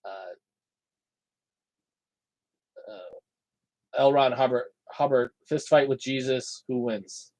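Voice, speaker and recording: A man's voice: medium pitch, slow, pauses often, a little mellow, no room sound, rough recording. A man co-hosting a casual livestream, reading out viewer questions hesitantly with many fillers.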